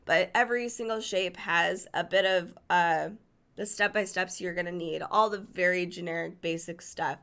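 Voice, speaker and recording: A woman's voice: on the low side, moderate pace, fairly bright tone, smooth. A woman casually paging through a cookbook, chatty and enthusiastic, stumbling over foreign dish names. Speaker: cookbook reviewer. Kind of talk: casual book flip-through.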